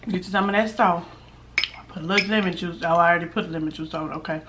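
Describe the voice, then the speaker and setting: A middle-aged woman hosting a mukbang at home, chatting casually with viewers while eating and sometimes dropping to a hushed voice. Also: on the low side, steady tone, fast talker, noisy background. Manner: chatty, talks while chewing, drops to a hushed voice for gossip. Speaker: mukbang host.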